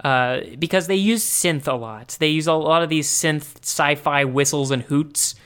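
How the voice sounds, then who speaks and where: A man's voice: a little high, measured pace, fairly bright tone, smooth. A man co-hosting a podcast in casual chat, thinking aloud with wry, joking asides. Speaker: podcast co-host.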